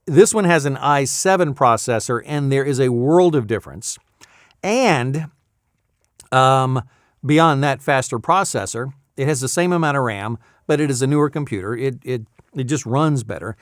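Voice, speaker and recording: A voice actor with an expressive, mid-range voice chats casually in a talking-head vlog, rambling, amusing himself and getting sidetracked easily at a moderate pace. The studio recording is clean and dry.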